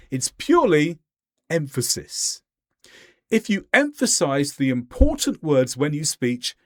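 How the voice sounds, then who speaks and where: A man teaching English in a scripted voice-over, speaking clearly and deliberately and stressing key words. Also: on the high side, no echo, studio quality.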